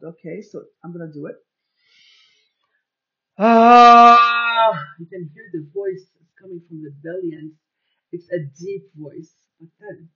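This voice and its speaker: Slow, deliberate woman musing aloud. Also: lowish voice, darkish tone, highs cut off. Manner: slow and deliberate, explaining with pauses. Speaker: podcast host. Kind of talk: reflective solo monologue.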